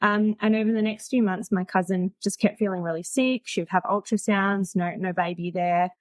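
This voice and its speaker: A woman's voice: medium pitch, fairly even intonation, moderate pace, no room sound. A woman in her forties, a podcast guest, telling her story in a chatty, frank way and laughing easily. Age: 40s. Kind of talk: casual storytelling.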